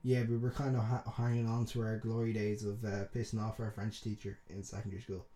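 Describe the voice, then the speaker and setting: Low mellow Dublin man. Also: level tone, fairly quick. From Dublin, Ireland. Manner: rambling, sweary, laughs a lot. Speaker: podcast co-host. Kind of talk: casual chat.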